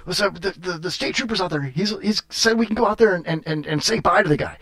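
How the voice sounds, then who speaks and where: A man's voice: high voice, fast, a bit bright. A man hosting a podcast, telling a story in casual chat, rambling with many fillers and laughs. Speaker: podcast host.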